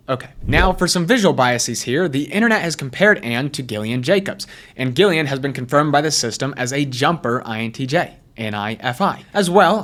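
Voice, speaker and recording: A man's voice: medium pitch, fairly bright tone. A man hosting a casual commentary video, chatty and asking himself rhetorical questions. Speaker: YouTube host, personality typing commentator. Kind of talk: casual commentary over clips.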